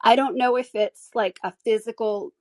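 A woman's voice: a little high, moderate pace, no room sound. A woman hosting a solo podcast, speaking candidly and emotionally with frequent restarts. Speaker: podcast host.

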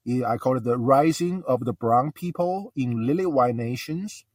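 A man phoning in to a talk show who speaks earnestly, stopping often with uh and restarting. His voice is mid-pitched and sounds set back from the mic, yet dry. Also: darkish tone, no echo, far from the mic. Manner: halting, many uh fillers, earnest. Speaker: caller. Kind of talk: casual call-in talk.

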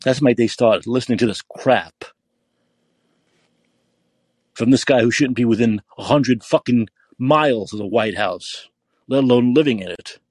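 A man's voice: medium pitch, normal speed, pauses often, a little mellow, dry recording. Profane, ranting male podcast host. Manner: angry, profane, repetitive ranting. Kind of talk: political rant.

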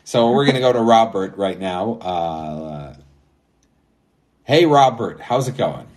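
A man's voice: lowish voice, expressive, slow pace, a little mellow. A man co-hosting a call-in podcast, talking casually and rambling with lots of fillers, laughing at his own jokes. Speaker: podcast co-host. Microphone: remote call-in app.

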